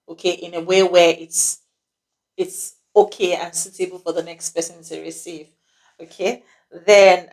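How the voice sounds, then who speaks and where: A woman hosting a casual advice talk on relationships, halting with many "um"s and checking in with "okay?". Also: fairly low pitch, darkish tone.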